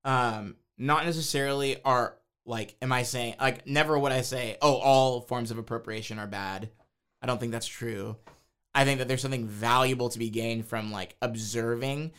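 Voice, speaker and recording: A man on a podcast with a bright, smooth and crisp voice. He talks earnestly and uses a lot of fillers. He keeps asking whether his point makes sense. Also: medium pitch, fairly even intonation, normal speed. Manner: filler-heavy, earnest, checks if understood. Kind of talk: casual discussion.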